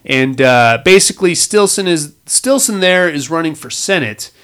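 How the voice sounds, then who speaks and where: A man's voice: fairly high pitch, animated, moderate pace, a bit bright, clear, resonant tone. A man casually recapping a movie plot, rambling and swearing with wisecracks. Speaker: podcast host.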